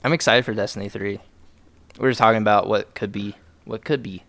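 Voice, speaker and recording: Young male podcast co-host, deep-ish gravelly tone, loose and rambling. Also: steady tone, brisk, a bit bright, no room sound. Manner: loose, joking, trails off and restarts. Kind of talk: casual gaming chat.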